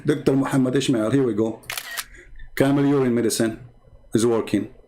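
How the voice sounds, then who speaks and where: A man's voice: medium pitch, fairly even intonation, normal speed, dark tone, a little hiss or hum. A man hosting an online commentary show, speaking in a mocking, argumentative way. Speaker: host.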